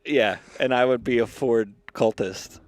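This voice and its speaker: A man hosting a podcast in casual comedic chat, excitable, profane and rambling. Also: medium pitch, a little slow, no echo. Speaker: podcast host.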